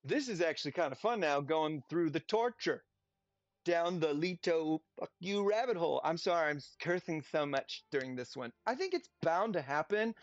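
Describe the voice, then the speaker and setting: Over faint background music, a man with a voice on the high side streams a game, chatting sarcastically and putting on goofy voices for fun. The lo-fi recording sounds dull and has no room sound.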